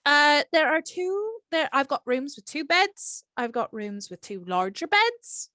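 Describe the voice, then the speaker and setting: A woman's voice: high-pitched, very animated, measured pace, bright, forceful tone, no echo, heavily acted. A woman voicing a cheerful airy female elemental tavern keeper in an attempted Irish accent, chatty and welcoming in a tabletop role-play. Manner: chirpy, welcoming, chatty innkeeper.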